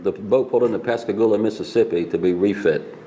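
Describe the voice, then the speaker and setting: Older man, very low voice, mellow tone, rambling anecdotal storytelling, faint background hiss. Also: fast talker. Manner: rambling anecdotes, laughs at own pranks. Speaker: Navy veteran interviewee. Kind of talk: casual storytelling interview.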